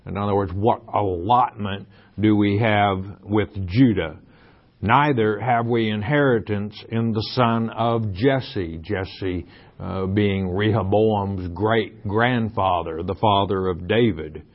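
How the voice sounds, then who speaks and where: A man's voice: lowish voice, slow, dull audio. A man teaching the Bible verse by verse, reading scripture aloud and then explaining it in plain talk with fillers.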